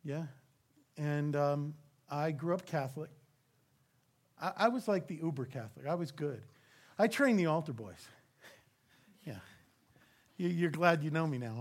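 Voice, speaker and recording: A middle-aged man from Louisiana preaching a sermon as a pastor, conversational with joking asides, at times dropping to a hushed intensity. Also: fairly high pitch, a little slow, pauses often.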